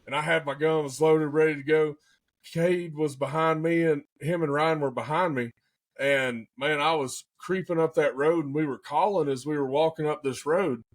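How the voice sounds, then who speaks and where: A young man, excitedly telling a hunting story in casual podcast chat, full of folksy slang. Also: on the high side, normal speed.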